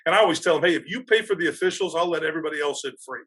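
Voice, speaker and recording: Husky bright-voiced man telling stories. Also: on the high side, rapid-fire. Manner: animated, laughs through his stories. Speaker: athletic director and guest. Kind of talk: casual storytelling on a podcast.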